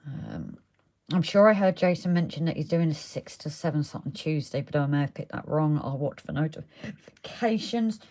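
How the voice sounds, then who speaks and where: A woman's voice: deep voice, expressive, moderate pace, a little mellow, slight background noise. A woman hosting a casual live stream as she works on a model railway, chatting and reading viewer comments aloud. She is losing her voice. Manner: chatty, talks while working, reads out viewer comments. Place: indoors at a model railway layout.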